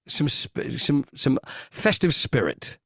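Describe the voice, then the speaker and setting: Animated English man telling stories. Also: mid-range voice, slow, gravelly, breathy edge, no echo, studio quality. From Britain. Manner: animated storyteller, acts out scenes. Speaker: guest. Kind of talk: casual chat. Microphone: video call.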